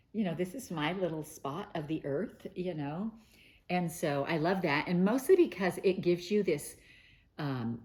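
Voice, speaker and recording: A middle-aged woman with a low-pitched, slightly mellow voice hosts a quilting news show. In casual talk to camera, she gushes and chats, often using fillers and restarting.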